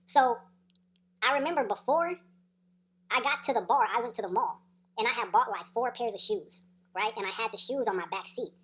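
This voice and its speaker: A woman's voice: on the high side, lively intonation, moderate pace, long pauses, fairly bright tone. A woman telling a story in a casual, slangy, profane way, laughing as she goes. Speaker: storyteller vlogger.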